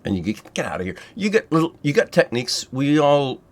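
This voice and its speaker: A man teaching a spiritual technique in a loose, rambling monologue, swearing freely and filling pauses with ums and yeahs. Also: mid-range voice, sing-song. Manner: loose and profane, rambling with many fillers. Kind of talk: casual monologue to camera.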